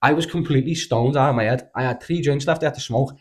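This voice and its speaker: Sweary Scouse lad telling stories. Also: male voice, mid-range voice, fast talker, breathy edge. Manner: sweary, animated storyteller. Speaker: podcast co-host. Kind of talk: casual storytelling chat.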